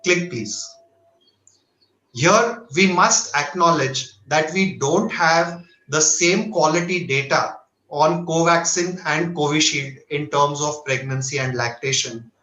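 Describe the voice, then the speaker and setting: A man with an Indian accent, a doctor giving a formal, measured slide lecture at a medical webinar. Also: a little high, sharp tone, echoey room, low-quality recording. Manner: measured, earnest, asks for each next slide. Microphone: webinar audio.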